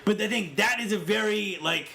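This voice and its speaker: A man's voice: high voice, moderate pace, gravelly. A man co-hosting a casual film-discussion podcast, talking animatedly and acting out scenes. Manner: animated, acts out scenes in quotes. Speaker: podcast co-host.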